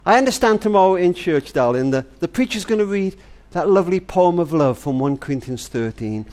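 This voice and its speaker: A man's voice: high voice, lively intonation, brisk, a little mellow. An older man giving a tender, earnest, grandfatherly monologue, speaking as if to his granddaughter. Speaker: family charity speaker. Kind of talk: heartfelt spoken monologue to a granddaughter.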